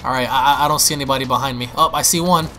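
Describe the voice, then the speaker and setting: A young man giving excitable, panicky gameplay commentary, stammering and restarting as he plays. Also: mid-range voice, racing, soft background music. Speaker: gaming YouTuber.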